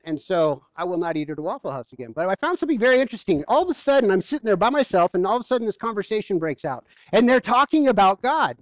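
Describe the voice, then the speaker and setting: A man's voice: high-pitched, sing-song, fast, few pauses, no room sound. A man preaching as a pastor in a church, telling stories in a conversational, humorous way. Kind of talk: sermon.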